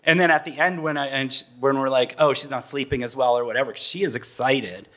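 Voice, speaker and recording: This is a man in his forties, speaking casually as a parent guest on a panel. His voice sits at an ordinary middle pitch, and he talks in a loose, rambling way, breaking into laughs. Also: fairly even intonation, fast talker, fairly bright tone. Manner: chatty, loose, often laughing.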